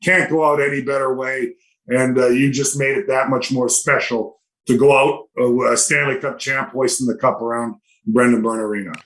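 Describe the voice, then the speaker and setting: A man's voice: mid-range voice, moderate pace, low-quality recording. A man in his fifties, a podcast guest telling long anecdotes in casual chat and acting out what people said. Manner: animated anecdotes, acts out quoted voices. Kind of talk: casual storytelling.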